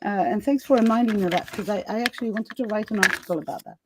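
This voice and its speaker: Rapid-fire and medium-pitched, a woman hosts a live summit chat on a video call against a noisy background. Her style is casual and chatty, with frequent laughter, fillers and restarts.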